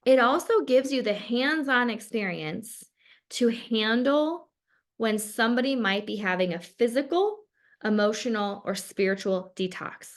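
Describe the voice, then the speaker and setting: A woman's voice: on the high side, animated, a little slow. A woman instructor speaking to camera, earnestly encouraging viewers to join a wellness program and often repeating herself. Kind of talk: promotional talk to camera.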